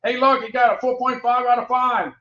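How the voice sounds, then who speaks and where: A chatty man runs a casual product livestream, often repeating his phrases as he reads out prices and ratings. His voice sits high and sounds bright and forceful. The recording is roomy and dull, with a lo-fi edge. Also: level tone, fairly quick.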